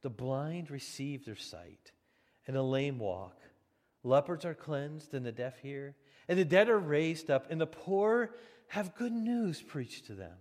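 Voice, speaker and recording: A man preaching a sermon as pastor, in an animated, conversational way with frequent restarts. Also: fairly high pitch, a little slow. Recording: long hall reverb.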